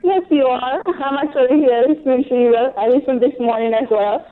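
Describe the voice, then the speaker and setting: A woman with a Jamaican accent calls into a radio show, polite and hesitant as she lays out her question. Her voice sits a little high. She comes through a thin, tinny phone line. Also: fairly quick. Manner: polite, hesitant, many ums. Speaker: caller.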